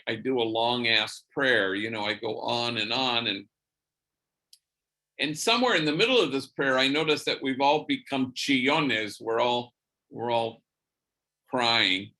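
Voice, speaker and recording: A man, a priest, telling a story in a church lecture, animated and sprinkled with Spanish slang words. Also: medium pitch.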